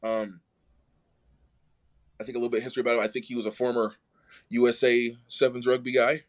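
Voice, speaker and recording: Animated man telling a story. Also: medium pitch, a little fast. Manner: animated, acts out quoted voices. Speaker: podcast guest. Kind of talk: storytelling in casual conversation.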